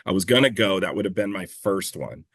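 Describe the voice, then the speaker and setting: A man's voice: low voice, lively intonation, a little fast, a bit bright, slightly rough, dry recording. A man in a casual interview, telling stories in a rambling, self-correcting way, swearing freely and laughing at himself. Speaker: clay shooting competitor and coach, guest.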